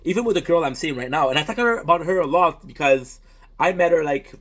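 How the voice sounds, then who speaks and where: A man's voice: fairly high pitch, quick pace, fairly bright tone. Earnest rambling man, native French speaker. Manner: earnest, rambling with restarts and swearing. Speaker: content creator and streamer. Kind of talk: casual reflective monologue.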